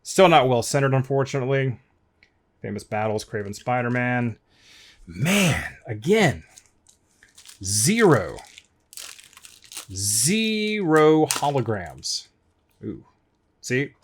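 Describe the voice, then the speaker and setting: Male host, unhurried delivery, wry and grumbling, casual box-break commentary. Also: mid-range voice, sing-song. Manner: grumbling, wry, talks to viewers as folks. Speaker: card collector opening packs.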